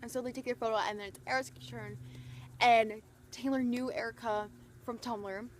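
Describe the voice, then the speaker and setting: A young woman vlogger gushing through an excited storytime, full of "like" and retold quotes. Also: on the high side, normal speed, a little hiss or hum. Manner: gushing, breathless retelling full of "like".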